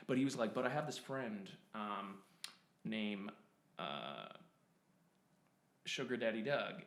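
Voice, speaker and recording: A young man in his twenties tells a rambling personal story in a lowish, slightly bright voice, constantly stopping and restarting, using many fillers and laughing at himself. The recording has a roomy echo.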